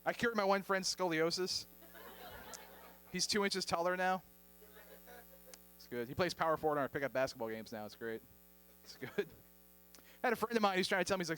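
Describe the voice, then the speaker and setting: Guy doing stand-up at a club, pretty high voice, playful crowd work. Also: expressive, a little fast, pauses often, fairly bright tone, slight background noise. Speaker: stand-up comedian. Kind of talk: stand-up comedy set. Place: comedy club stage before a live audience.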